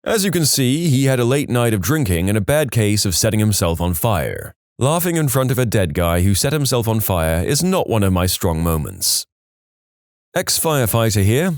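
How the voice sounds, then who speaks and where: A man reads submitted stories aloud in a scripted storytime style, his voice swinging up and down with lively, animated pitch. He drops in wry joking asides between the tales. The recording is close and dry, with no room sound. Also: no room sound. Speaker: narrator of reader-submitted stories.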